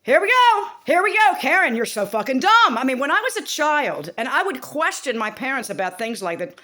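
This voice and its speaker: A woman's voice: high-pitched, sing-song, a little fast, sharp tone. A woman vlogger talking to camera in a rambling, profane, exasperated rant.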